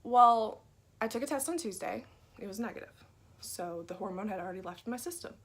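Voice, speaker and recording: A woman telling a personal faith story in an earnest, conversational way, sometimes dropping to a soft whisper. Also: medium pitch, lively intonation, brisk. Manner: earnest, drops to a soft whisper at tender moments. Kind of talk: personal testimony.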